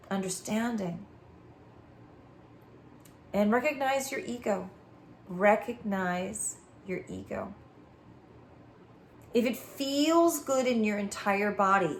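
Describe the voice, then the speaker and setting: Earnest soft-spoken woman healer. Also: mid-range voice, a little hiss or hum. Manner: earnest, repetitive affirmations. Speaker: spiritual healer. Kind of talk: channeled spiritual message.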